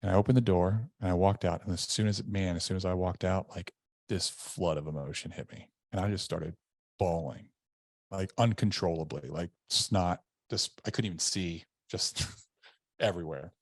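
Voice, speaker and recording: A man with a low, deep voice tells a personal story in an earnest, conversational way. The sound is dry and close, with no room around it. He recounts events candidly and in vivid detail, as a guest on a podcast. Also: normal speed, no room sound. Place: indoor room.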